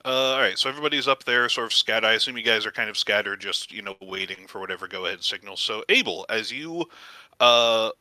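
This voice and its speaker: A man narrating as game master in a tabletop game, with a halting delivery full of fillers. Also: fairly low pitch, sharp tone, no room sound, low-quality recording.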